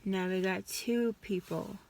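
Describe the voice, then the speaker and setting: Slow-talking, frustrated woman vlogger. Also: medium pitch, steady tone, vocal fry, darkish tone. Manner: frustrated, emphatic, with sighs. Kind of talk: personal vlog rant.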